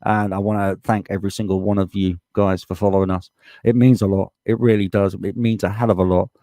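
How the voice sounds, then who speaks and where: A man's voice: low-pitched, little pitch movement, fairly quick, warm tone, dry recording, clean studio sound. A man with a British accent hosting a live stream, reading out viewer comments in a casual, blunt way and swearing freely as he gets heated. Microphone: desktop USB microphone.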